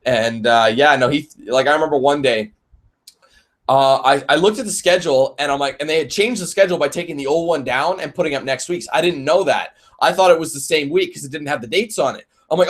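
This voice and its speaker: A man casually answering viewer questions on a live stream, telling stories in a rambling, animated way, with lots of fillers, restarts and swearing. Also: fairly high pitch. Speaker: let's play YouTuber answering viewer questions.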